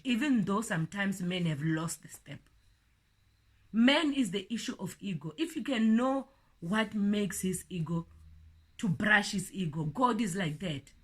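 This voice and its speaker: Middle-aged woman preacher, earnest and heartfelt, mid-pitched voice. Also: breathy edge. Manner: earnest, repeats words, rises in emphasis then drops soft. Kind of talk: informal sermon.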